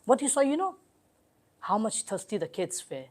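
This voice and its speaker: A man delivers a mourning sermon in a fairly high voice. His delivery is deeply emotional: he slows to hushed, drawn-out phrases at moments of grief, then lifts into loud, near-shouted lines. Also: sing-song, background noise. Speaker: religious lecturer.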